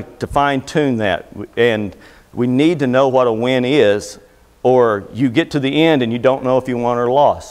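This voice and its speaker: A man's voice: medium pitch, long reverb tail. A middle-aged man speaking to a seminar audience, talking casually and folksily with jokes and anecdotes. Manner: folksy, joking, conversational storyteller. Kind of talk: motivational seminar talk. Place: seminar room before a live audience.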